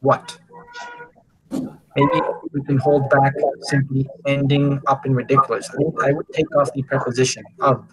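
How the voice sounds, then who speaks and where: A man leads an online English lesson over a video call, his voice mid-pitched and even. He corrects grammar patiently, filling pauses with ums and quick approvals. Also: husky, low-quality recording. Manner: encouraging, hesitant with fillers. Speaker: English teacher. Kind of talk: online class feedback.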